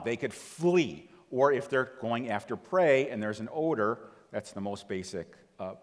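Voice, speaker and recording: Animated man telling a story in a reverberant hall. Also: lowish voice. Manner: animated storytelling, acts out quoted voices, asks the audience questions. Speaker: TEDx speaker. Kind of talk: storytelling talk to a live audience. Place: large auditorium.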